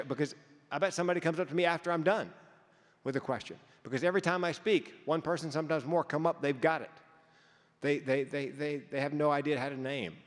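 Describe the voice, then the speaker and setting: A man giving a keynote speech, telling stories with comic timing and sometimes stumbling over repeated words. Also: mid-range voice. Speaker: keynote speaker. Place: conference hall. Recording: long hall reverb.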